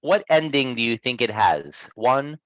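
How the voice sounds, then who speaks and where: A man teaching pronunciation one-on-one, patiently modelling words and gently correcting his student. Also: mid-range voice, sing-song, a little slow, no room sound, muffled recording. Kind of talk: one-on-one lesson.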